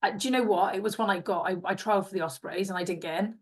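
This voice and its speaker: A woman's voice: mid-range voice, racing, breathy edge. A woman in her twenties from England, a former rugby player chatting as a podcast guest and acting out what others said to her. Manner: chatty, acts out quoted voices. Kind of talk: casual interview chat.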